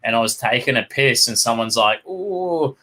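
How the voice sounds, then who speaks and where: Australian co-host, crude storyteller, lots of swearing, sharp bright tone, casual banter. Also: male voice, medium pitch, flat delivery, brisk. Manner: crude, swears constantly, tells rowdy anecdotes. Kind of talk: casual chat.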